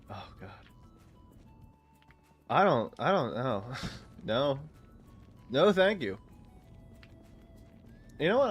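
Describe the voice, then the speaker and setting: A man's voice: on the high side, husky. A young man casually commenting while he plays a video game, rambling and joking with frequent laughs. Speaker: gaming streamer.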